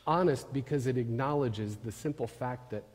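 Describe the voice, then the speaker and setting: A man giving a sermon, telling a story with emphatic questions and soft drops. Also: mid-range voice, moderate pace, husky. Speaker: pastor. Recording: long hall reverb.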